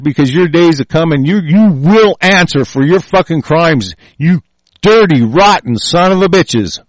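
Swearing, ranting man. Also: no room sound. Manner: reads lines aloud then rants with heavy swearing; loud and heated, then mutters low. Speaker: vlogger reacting to a text. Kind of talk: profane angry political rant.

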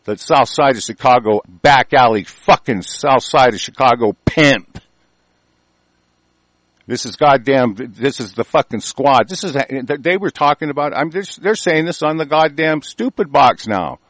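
A man's voice: medium pitch, expressive, unhurried, a bit bright, no room sound. Angry cussing guy ranting on air, keeps restarting, dry close mic. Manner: angry, profane, rambling with restarts. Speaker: host reading and ranting on air. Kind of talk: profane ranting commentary.

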